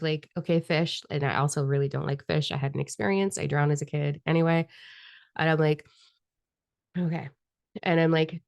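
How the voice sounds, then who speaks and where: Low gravelly woman telling a story. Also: a little mellow, no echo. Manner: chatty, self-deprecating, laughs often. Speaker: spiritual vlogger. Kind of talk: casual storytelling monologue.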